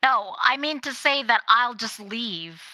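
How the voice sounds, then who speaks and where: Woman, game player, brash and joking, bright voice, dry sound. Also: fairly high pitch, animated, measured pace, no echo. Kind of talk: tabletop game role-play.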